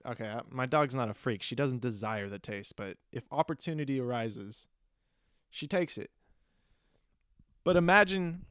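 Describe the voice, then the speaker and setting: Rambling young man with a smooth voice. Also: mid-range voice, dry recording, clean studio sound. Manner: rambling, deadpan and playfully disgusted, with many restarts. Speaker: podcast host. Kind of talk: casual comedic monologue.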